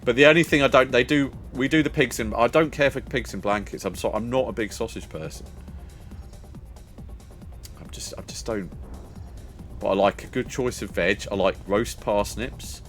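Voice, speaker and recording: A man's voice: medium pitch, moderate pace, pauses often, a bit bright. An older man, chatting casually with viewers as a streamer, rambling and laughing often. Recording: faint music behind.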